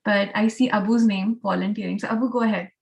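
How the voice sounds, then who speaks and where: A woman's voice: mid-range voice, fairly even intonation, quick pace, vocal fry. A woman, a keynote speaker leading a group activity in an encouraging, chatty way. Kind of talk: online club session hosting.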